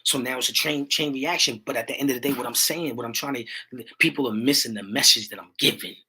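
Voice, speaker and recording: A man's voice: medium pitch, fast, slightly rough. Fired-up preachy man on a livestream. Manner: preachy, repeats catchphrases, rising to near-shouts. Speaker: livestream host. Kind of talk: impassioned livestream talk.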